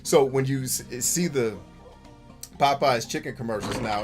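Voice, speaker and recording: A man of middling pitch hosts a gaming show, talking over his play in loose, unscripted commentary. He is blunt and swears freely, and he breaks into jokey asides. Game music runs softly behind him. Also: moderate pace. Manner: blunt, profane and emphatic; laughs easily, jokey asides. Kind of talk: casual gameplay commentary.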